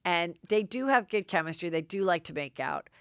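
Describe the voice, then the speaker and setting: A middle-aged woman hosting a podcast, recapping gossip in an excitable, chatty way with lots of "like". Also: lowish voice, normal speed, clean tone, no room sound, clean studio sound. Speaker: podcast host. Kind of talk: casual gossip commentary.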